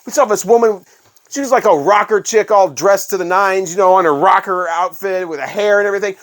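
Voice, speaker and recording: A man's voice: high voice, brisk. A middle-aged man casually telling rambling, profane concert stories as host of his own channel. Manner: rambling, profane, animated anecdotes with restarts. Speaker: vinyl collector channel host. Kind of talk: casual storytelling monologue.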